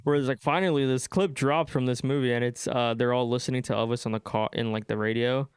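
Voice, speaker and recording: Co-hosting a movie podcast, a man mostly reacts with short questions and quick comments in a casual review chat. His mid-range voice is clear and resonant with fairly even intonation, recorded with clean studio sound and no room echo.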